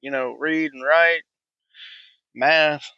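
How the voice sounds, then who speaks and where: A man's voice: on the high side, steady tone, slow pace, clear, resonant tone, no room sound, lo-fi sound. A man, hosting a profane, blunt, rambling monologue. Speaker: podcast host. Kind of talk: ranting monologue.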